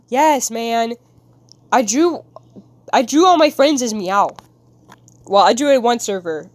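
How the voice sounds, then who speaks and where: A woman's voice: on the high side, lively intonation, slow, pauses often, dry recording. A woman streamer chatting casually with her viewers while she draws, giggling and rambling in a silly way. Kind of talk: casual live-stream chat while drawing.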